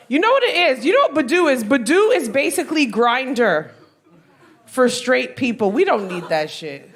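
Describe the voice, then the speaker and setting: Brash, profane female stand-up; gravelly, noisy live stage recording. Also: fairly high pitch, sing-song, moderate pace. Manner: brash, profane, punchy delivery. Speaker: stand-up comedian. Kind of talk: stand-up comedy set. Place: comedy club stage.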